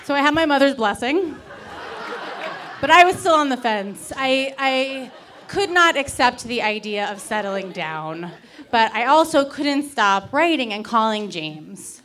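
Woman in her thirties from Miami, live storytelling; wry, candid, deadpan delivery. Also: on the high side, a little slow, a faint crowd. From Miami, Florida. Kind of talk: personal story told to a live audience.

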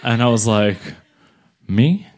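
A man doing stand-up storytelling, animated and slangy, jumping in and out of character voices. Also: medium pitch, moderate pace, slight background noise. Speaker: stand-up comedian.

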